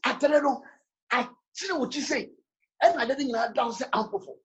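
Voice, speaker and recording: A man preaching a sermon as pastor, switching between English and Twi, with animated delivery and sudden shouts. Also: very high-pitched, normal speed, highs cut off.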